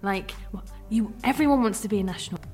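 A woman's voice: medium pitch, fast, darkish tone, soft background music. A woman in casual radio chat, curious and full of questions. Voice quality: curious, asks lots of questions. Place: radio studio.

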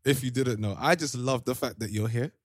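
A man's voice: mid-range voice, a little fast, no room sound, studio quality. A man hosting a casual chat among friends, teasing and laughing as he talks. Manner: playful, laughing, teasing banter. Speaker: podcast host. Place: shared room with friends.

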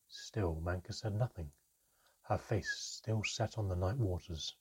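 A man reading a first-person fantasy story aloud in an expressive storytelling manner. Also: low voice, a little slow, breathy edge. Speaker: audiobook narrator.

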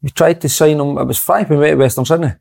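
A man's voice: a little high, fairly even intonation, rapid-fire, creaky, darkish tone. A man on a football podcast, rambling and repeating himself as he tells a story. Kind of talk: casual football chat.

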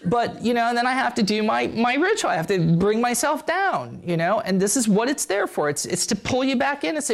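Lively gravelly-voiced man teaching a group. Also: very high-pitched, brisk, hardly any pauses. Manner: blunt, joking, peppered with swearing; animated, acting out voices in quotes. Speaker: spiritual teacher. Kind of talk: live talk to a seated group.

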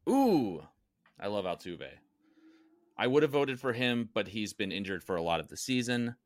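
A man's voice: fairly low pitch, sing-song, moderate pace, no room sound, studio quality. A man co-hosting a casual podcast, explaining things in an upbeat, enthusiastic way. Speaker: podcast co-host.

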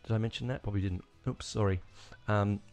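A man's voice: on the low side, fairly even intonation, fast talker, a little mellow, faint music behind. A man hosting a podcast on his own, rambling enthusiastically with many restarts. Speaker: podcast host. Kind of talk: casual solo rambling.

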